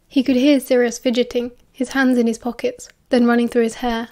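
British woman narrating an audiobook, slightly high voice, mellow tone, hushed dialogue voices. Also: little pitch movement, brisk. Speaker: fan audiobook reader.

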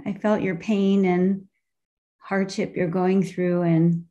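A woman sharing a heartfelt personal memory at a memorial gathering, pausing often to search for her words, heard over a video call. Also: on the low side, flat delivery, mellow, muffled recording.

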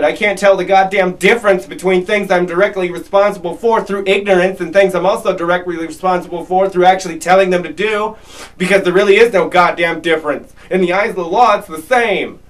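A furious man ranting in a vlog, swearing constantly and swinging between loud outbursts and muttering. His voice sits high for a man. It is picked up from a little distance off the microphone. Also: steady tone. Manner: furious, profane, fast shifts of loudness. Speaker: video creator. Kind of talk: angry vlog rant.

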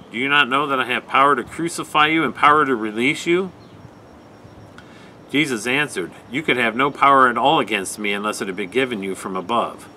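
A man leading a night prayer service, giving a measured, even scripture reading. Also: mid-range voice, slight background noise, rough recording.

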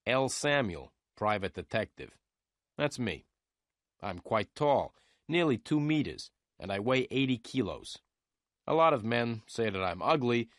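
Brief: male narrator, fairly low voice, dry close recording, steady learner-story reading. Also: no echo. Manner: clear, measured first-person storytelling.

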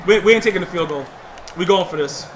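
A man giving live gameplay commentary, slangy and trash-talking, bursting into shouts at big plays. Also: high-pitched, quick pace, slight background noise. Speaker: gamer.

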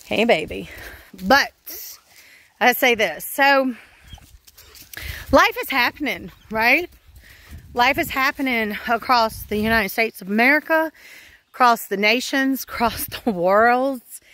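This homesteading vlogger speaks slowly and pauses often, her fairly high voice carrying a sharp tone. She rambles frankly to her phone outdoors on the farm, sighing and using fillers in casual talk to camera.

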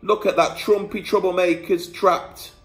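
A man's voice: fairly high pitch, slow pace, soft background music, pitched above the performer's own voice. A man voicing a grumpy old male hermit crab in a read-aloud bedtime story, exclaiming and scheming. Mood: indignant. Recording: echoey room.

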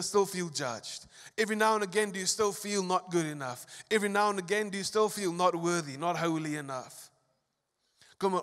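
A man preaching a sermon as a pastor, swinging between emphatic, rising lines and quiet asides. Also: sits high. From South Africa. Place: large church hall. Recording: long church hall reverb.

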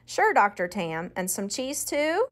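A woman's voice: mid-range voice, big pitch swings, measured pace. A woman voicing a cheeky young boy who talks casually.

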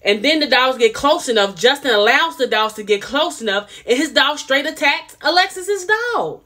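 Woman reviewer, a bit higher-pitched, sassy and animated, casual recap commentary. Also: normal speed. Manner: animated, sassy, repeats herself for emphasis. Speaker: reality TV reviewer.

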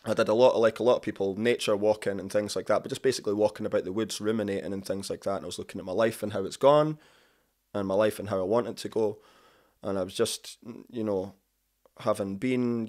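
Low-voiced man, rambling and upbeat. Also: darkish tone. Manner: rambling and enthusiastic, lots of "you know". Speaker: musician guest. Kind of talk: casual interview chat.

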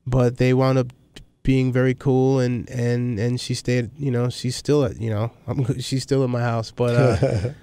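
A middle-aged man talking candidly as a guest in an interview, rambling and animated as he tells stories. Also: mid-range voice, a little slow, smooth. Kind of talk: conversational interview.

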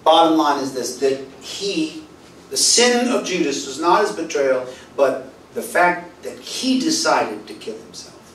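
A man's voice: on the high side, expressive, a little slow, slight background noise. Preaching man in an echoey church. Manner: storytelling, acts out quoted dialogue, swings from loud to soft. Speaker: pastor. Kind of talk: sermon. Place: church hall. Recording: roomy echo, voice from far off, faint ambience.

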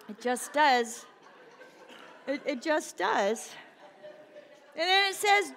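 Woman pastor, middle-aged, sermon, lively and self-deprecating, bright high voice, long church reverb. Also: measured pace. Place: church sanctuary.

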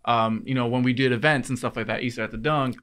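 A man's voice: mid-range voice, steady tone, fast, fairly bright tone, smooth. A man co-hosting a casual podcast, thinking aloud with many fillers. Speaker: podcast co-host.

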